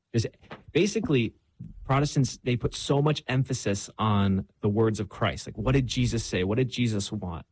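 Young man, low voice, dry close sound. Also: husky, no echo. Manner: candid, self-deprecating storytelling with many fillers. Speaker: guest. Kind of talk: casual faith conversation.

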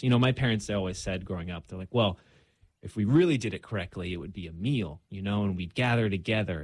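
A young man with a slightly low voice talks earnestly and reflectively, often pausing on fillers. The sound is dry and close, with no room around it. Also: dry recording. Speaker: guest. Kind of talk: casual conversation.

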